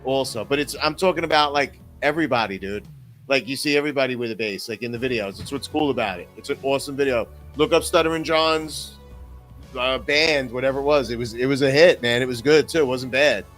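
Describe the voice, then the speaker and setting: Middle-aged male co-host, loose crude storyteller, mid-pitched voice, faint music underneath. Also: a little fast. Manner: animated storytelling with crude profanity. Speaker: podcast co-host. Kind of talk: casual chat.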